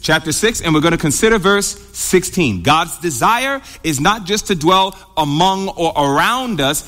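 A man's voice: high-pitched, lively intonation, a bit bright. A male preacher delivering a sermon, stretching out phrases and drawing answers from the congregation. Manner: call-and-response, asking the congregation to answer; drawn-out emphatic delivery with big swings. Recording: reverberant hall.

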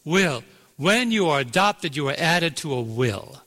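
A man preaching a sermon, telling a story and then building to emphatic points with dramatic slow-downs. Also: on the high side, sing-song, bright, forceful tone, big-room sound. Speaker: pastor.

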